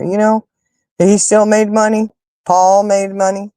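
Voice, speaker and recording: A woman hosting a casual chat with her viewers, telling stories in an animated, emphatic way and fussing loudly when annoyed. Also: medium pitch, moderate pace, pauses often, no echo. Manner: animated, emphatic storyteller who rants and fusses. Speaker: livestream host chatting with viewers.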